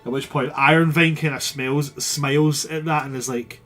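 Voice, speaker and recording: A man's voice: on the high side, steady tone, moderate pace, few pauses, fairly bright tone, faint music behind. A man narrating as game master, thinking aloud casually.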